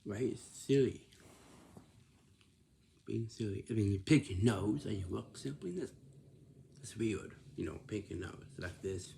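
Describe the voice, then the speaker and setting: A man's voice: lowish voice, animated, measured pace, gravelly, long pauses, dark tone, a little hiss or hum. A man giving casual workplace advice in a repetitive, scolding way, often checking with "right?". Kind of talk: casual instructive monologue.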